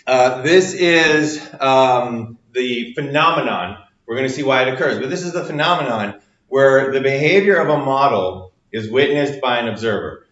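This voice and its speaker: A man's voice: medium pitch, fairly bright tone. A man teaching a university psychology class, explaining step by step with many fillers and acting out little quoted exchanges. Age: adult with children. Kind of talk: recorded lecture. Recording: roomy lo-fi lecture recording.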